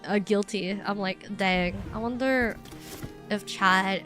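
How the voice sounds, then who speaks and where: Bright-voiced young woman streamer. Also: medium pitch, slow pace. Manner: rambling, self-deprecating, filler-heavy. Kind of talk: casual chat stream. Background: faint music.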